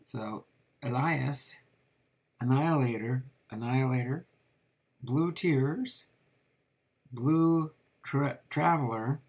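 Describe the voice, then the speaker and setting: Man, card collector host, slow rambling delivery, husky gravelly voice. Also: mid-range voice, darkish tone. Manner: slow, rambling, with frequent fillers while reading names off cards. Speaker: trading card collector reviewing a set. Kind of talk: casual card review.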